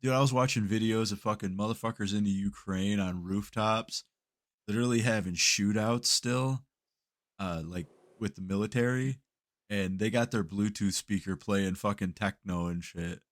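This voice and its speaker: A man's voice: fairly low pitch, normal speed. A man co-hosting a podcast in a laid-back, profane casual chat, chuckling between remarks. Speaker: podcast co-host.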